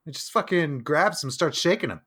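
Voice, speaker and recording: A man's voice: on the high side, expressive, a little fast, fairly bright tone, husky. Laid-back man in mock-serious banter. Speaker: podcast co-host. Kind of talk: comedic banter.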